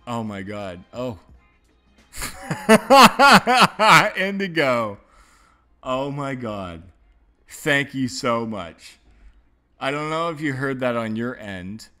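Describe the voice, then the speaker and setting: A man's voice: on the low side, lively intonation, a bit bright, soft background music. A man hosting a casual livestream chat, rambling, swearing a lot and laughing often. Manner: profane, rambling, quick to laugh. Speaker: livestream host.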